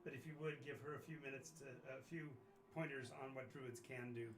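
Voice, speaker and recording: Halting male game master, echoey room. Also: medium pitch, fairly even intonation, noisy background. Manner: halting, with many fillers. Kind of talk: running a tabletop game over voice chat.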